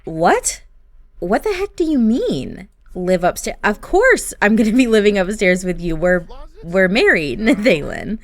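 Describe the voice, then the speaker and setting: A woman's voice: fairly low pitch, very animated, unhurried. A woman voicing a confused, frightened young wife who speaks in a distressed, pleading way.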